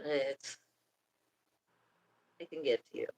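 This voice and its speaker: A woman's voice: very deep voice, takes it slowly, creaky, a little mellow. A woman hosting a live stream, reading out and thanking viewers in the chat. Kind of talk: casual chat.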